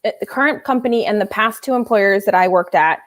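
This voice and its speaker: A woman's voice: mid-range voice, fast. A woman who works in recruiting, chatting casually on a video call in a conversational, easygoing way. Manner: chatty, conversational, laughs easily. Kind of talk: casual chat.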